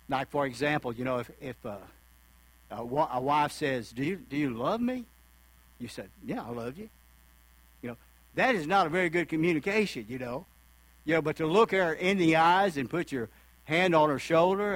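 A man's voice: on the high side, dry recording, rough recording. A male preacher giving a sermon in a folksy, conversational way, acting out the voices of people he quotes.

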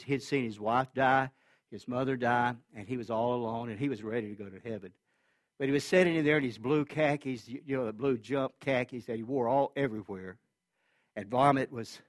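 A man preaching a sermon as a pastor, telling a personal story earnestly and with feeling, his voice swinging between loud and hushed. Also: medium pitch, no echo, clean studio sound.

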